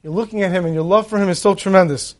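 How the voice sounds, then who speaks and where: A man preaching a sermon, telling a parable in an animated storytelling manner. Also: sits high, rapid-fire.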